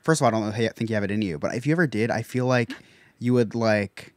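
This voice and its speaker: A man in a casual podcast chat, teasing the others with halting, stop-start sentences and frequent laughter. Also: on the low side, dry recording, studio quality.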